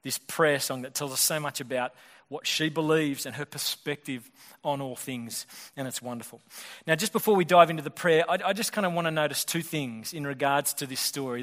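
A male pastor preaching a sermon in a fast, conversational way, often restarting his sentences. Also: medium pitch, fairly bright tone. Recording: long hall reverb.

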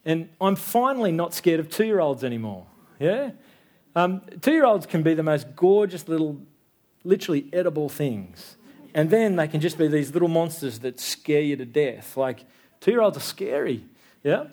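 A pastor in his thirties preaches a sermon in church, keeping it conversational and checking in with listeners through tag questions like "yeah?". His voice is a little high and a little mellow, with lively intonation at a normal speed.

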